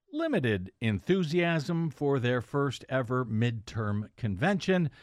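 A man hosting an opinionated political news commentary show, sarcastic and halting, with frequent "uh" fillers. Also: mid-range voice, dry recording, studio quality.

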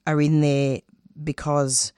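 A woman's voice: low-pitched, level tone, slow, warm tone, clear, resonant tone, dry recording, studio quality. A woman who produces radio, speaking in an interview with intense, emphatic feeling. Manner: intense, emphatic, openly emotional. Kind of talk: candid interview answers.

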